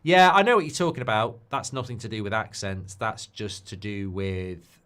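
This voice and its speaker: A man's voice: fairly low pitch, moderate pace, a bit bright, clear, resonant tone. A man hosting a football watchalong stream in a casual, chatty, jokey way, reading viewer comments aloud. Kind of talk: casual live-stream chat.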